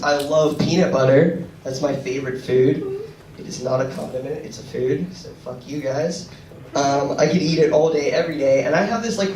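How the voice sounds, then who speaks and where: A man's voice: a little high, a little mellow. A young man doing a stand-up set while sick, with a rambling, crude, ranting delivery. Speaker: stand-up comedian. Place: comedy club stage. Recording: echoey room from far off, noisy audience recording.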